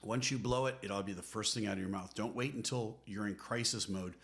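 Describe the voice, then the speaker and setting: A man's voice: on the low side, fast talker, a bit bright. A middle-aged man co-hosting a podcast, giving earnest, emphatic, preacherly advice as a marriage counselor. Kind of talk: conversational podcast teaching.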